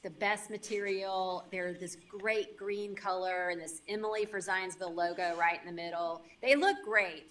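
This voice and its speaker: A woman's voice: mid-range voice, a bit bright. A woman guest in an interview, talking casually and thoughtfully with fillers.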